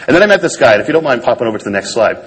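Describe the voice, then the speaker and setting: A man's voice: medium pitch, sing-song, racing, husky, low-quality recording. A man on stage telling a personal story to an audience in a wry, self-deprecating way. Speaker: speaker giving a talk.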